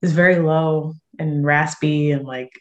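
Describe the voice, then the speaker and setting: A woman's voice: sits low, fairly even intonation, measured pace, dull audio. A young woman from San Diego, chatting casually as an interview guest, full of fillers and easy laughs. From San Diego, USA. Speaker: guest musician and actress.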